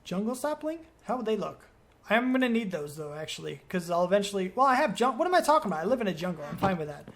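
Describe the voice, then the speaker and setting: A man's voice: high-pitched, sing-song, fast talker, a bit bright, slight background noise. A man giving let's play commentary as a gaming video creator, rambling and thinking aloud as he questions himself.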